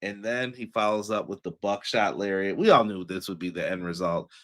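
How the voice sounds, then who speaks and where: Slangy, animated wrestling reviewer man. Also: lowish voice, brisk. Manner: slangy, animated, laughs often. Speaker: podcast co-host. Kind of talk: casual wrestling show review.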